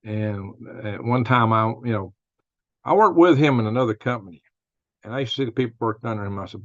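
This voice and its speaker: A man's voice: on the low side, fairly quick, fairly bright tone, dry recording, highs cut off. An older man hosting a casual live-stream, telling rambling stories and laughing at his own jokes. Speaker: host of a news and commentary stream.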